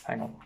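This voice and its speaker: A primary school music teacher giving an online lesson to young children, speaking gently and encouragingly. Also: noisy background.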